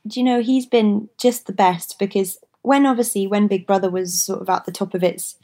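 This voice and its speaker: A woman's voice: medium pitch, fairly even intonation, fairly quick, mellow. A woman in her twenties chatting as an interview guest, laughing often and hedging her words. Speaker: actress, guest. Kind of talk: casual interview chat.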